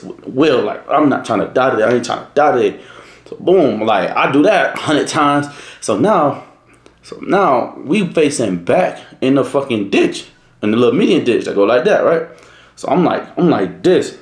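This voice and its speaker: A man's voice: mid-range voice, roomy sound. Young man telling a profane story. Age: young adult. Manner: slangy, profane, animated retelling. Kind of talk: casual storytime.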